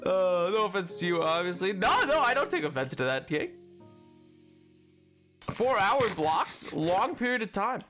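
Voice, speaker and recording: Animated high-voiced young male streamer. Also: moderate pace, faint music behind. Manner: rambling, animated, reads chat aloud with playful indignation. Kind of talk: casual gaming stream chat.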